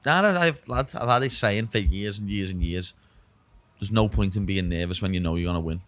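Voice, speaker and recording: A man's voice: fairly low pitch, brisk, no room sound. A young man, a fighter guest on a podcast, telling stories in casual chat and saying "lad" a lot. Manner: animated storyteller, says "lad" and "know what I mean".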